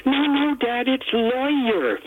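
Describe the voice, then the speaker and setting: A man's voice: very high voice, expressive, slow pace, dry recording, voice pushed up, heavily acted. A man doing a flustered young lawyer on a phone. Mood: insistent. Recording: tinny phone line.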